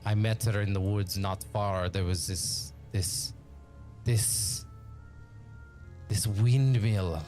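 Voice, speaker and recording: A gaunt, sickly, cursed man stammers through halting, pleading sentences in slow, broken phrases, as a man puts him on. His voice sits fairly low, with faint music behind. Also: a little mellow. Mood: haunted.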